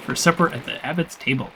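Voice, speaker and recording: A man streams a story game in a chatty, self-mocking ramble and trips over the harder words. His voice sits a bit high for a man and sounds slightly strained. Steady background noise runs under the recording. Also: brisk, gravelly, low-quality recording. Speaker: let's play streamer. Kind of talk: casual gameplay commentary.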